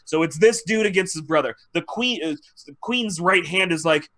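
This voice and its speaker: A man's voice: on the high side, normal speed, few pauses, pushed and bright. Man recapping a show, profane and rambling. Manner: profane, rambling, acts out quoted lines. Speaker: podcast host. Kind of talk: casual chat, retelling a TV episode.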